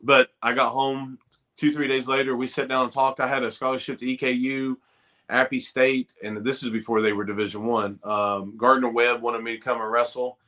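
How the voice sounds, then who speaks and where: Bright-voiced man telling stories. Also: mid-range voice, normal speed. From Eastern Kentucky. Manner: animated storyteller, acts out quoted voices. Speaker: guest, former college football player. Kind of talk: storytelling in a podcast interview.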